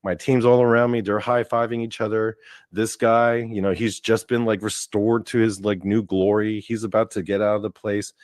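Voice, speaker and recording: A young man with a lowish voice tells a long story in loose, casual talk, stacking fillers and the odd curse as he goes. The sound is dry and close, with no room around it. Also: flat delivery, moderate pace, dry recording. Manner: rambling, full of "like" fillers and cursing. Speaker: podcast host.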